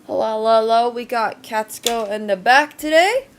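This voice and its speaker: A woman's voice: a little high, expressive, moderate pace, a little hiss or hum. A woman streamer chatting casually to her viewers, a bit congested with a slightly shaky voice, rambling and thanking people as she goes. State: congested, voice shaking. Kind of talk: casual live-stream chat.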